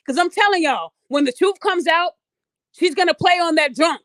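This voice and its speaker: A woman's voice: very high-pitched, normal speed, a bit bright, dry recording, clean studio sound. A woman podcast host giving blunt, profane commentary straight to her audience. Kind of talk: ranting commentary.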